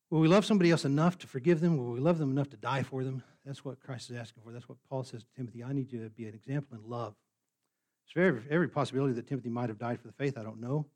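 A man's voice: mid-range voice, fast talker, darkish tone. A man giving an earnest sermon as pastor, retelling a story and repeating words when he stresses a point. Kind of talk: sermon with a read-aloud story.

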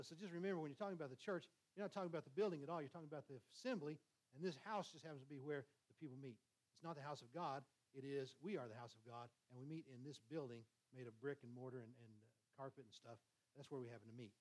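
A man preaching a conversational sermon, talking quickly with frequent restarts and checking in with "all right?". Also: mid-range voice, a bit bright, poor audio.

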